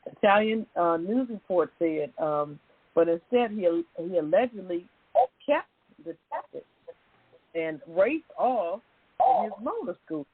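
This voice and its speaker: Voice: mid-range voice, expressive, a little slow, husky, dry recording. A talk show co-host reading a news item and chatting, laughing easily and restarting sentences. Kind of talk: casual chat, reading news. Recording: dry, tinny phone-like line.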